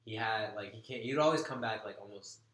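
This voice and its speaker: A young man casually telling a story in a chat, animated and slangy, swearing freely. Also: lowish voice, a little fast. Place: apartment room. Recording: echoey room.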